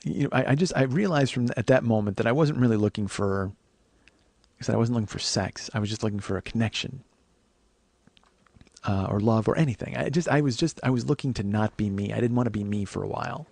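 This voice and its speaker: A man hosts a podcast with confessional comedic storytelling. His voice is gravelly and fry-edged, and his talk is candid and profane, full of fillers. The recording is dry and close. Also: lowish voice, fairly quick, no echo. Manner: candid and profane, with frequent fillers and animated acted-out quotes.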